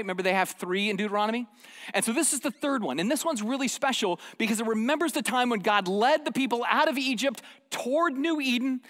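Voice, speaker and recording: A man preaching a sermon, animated, dropping to hushed asides and rising to loud acted quotes. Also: high voice. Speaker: pastor. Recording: long hall reverb.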